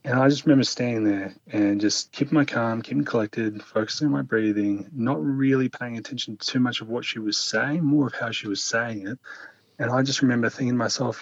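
A man speaking as an interview guest, telling a personal story in a calm, earnest, reflective way. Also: medium pitch, a little fast, no room sound, muffled recording.

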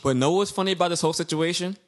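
A man's voice: high-pitched, racing. A young man, co-hosting a casual podcast chat, telling stories with slang and acted-out quotes. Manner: animated storyteller, slangy, acts out quotes. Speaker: podcast co-host.

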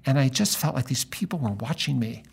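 A middle-aged man, a pastor, talking in a relaxed conversation and telling a story, acting out the lines of the people in it. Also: mid-range voice, a little fast, gravelly, husky. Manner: animated storyteller acting out dialogue. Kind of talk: conversational storytelling in a podcast interview.

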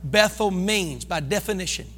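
Fervent, bright-voiced preacher in a reverberant church. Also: male voice, high voice, expressive, moderate pace, a little hiss or hum. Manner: fervent call-and-response preaching, bursts into shouts. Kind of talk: sermon. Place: church sanctuary.

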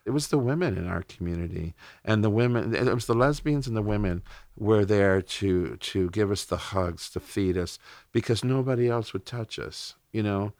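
A man's voice: on the low side, normal speed, a little mellow, no echo, studio quality. A middle-aged man from Texas, a podcast interview guest, telling personal stories candidly and emotionally with blunt language.

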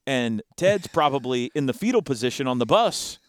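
Guy on a football podcast, bouncy lively voice, smooth and clear, dry close sound, keeps laughing and restarting. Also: medium pitch, normal speed, dry recording. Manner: animated, laughs often, restarts sentences. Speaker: sports talk host. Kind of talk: casual sports chat.

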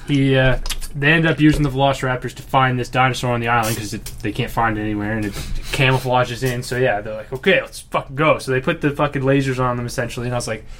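Male podcast co-host, mid pitch, animated storyteller. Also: fast talker, slight background noise. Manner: animated storyteller acting out movie scenes. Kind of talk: casual chat.

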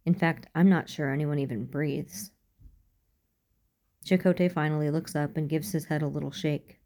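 Low, gravelly woman reading fan fiction. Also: steady tone, normal speed, warm tone. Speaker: audiobook reader.

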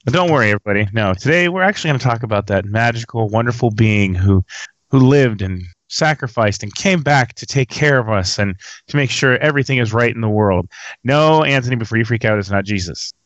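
A man's voice: medium pitch, lively intonation, a little fast, a bit bright, no room sound, dull audio. A man hosting a casual podcast, bantering and joking with his co-hosts. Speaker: podcast host.

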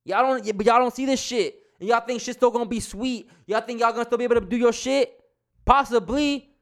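A man's voice: extremely high pitch, steady tone, quick pace, vocal fry. A young man ranting heatedly in a casual monologue, swearing often and restarting his sentences. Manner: heated, profane, repetitive restarts. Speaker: vlogger.

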